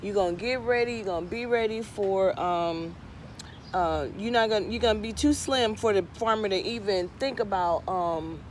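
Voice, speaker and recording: A woman voicing a kind spirit ghost who comforts a scared turkey and rushes to hatch plans in a told story. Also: medium pitch, a little hiss or hum, close to an everyday voice. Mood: reassuring. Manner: soothing, then hurried planning. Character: kindly spirit ghost, reassuring and scheming.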